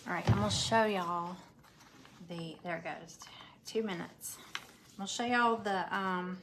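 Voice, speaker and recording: A woman's voice: lowish voice, unhurried, background noise. A woman chatting casually to viewers while she works on a craft project live from home. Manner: chatty, talks while working with hands, addresses viewers as y'all. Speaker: craft live-stream presenter.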